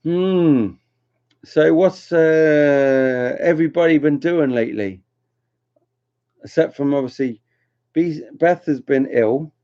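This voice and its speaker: Mellow and fairly high in pitch, the man speaks slowly and pauses often. He's a livestream host reading chat and chatting casually, teasing his viewers and laughing a lot. The home stream audio sounds dull and lo-fi.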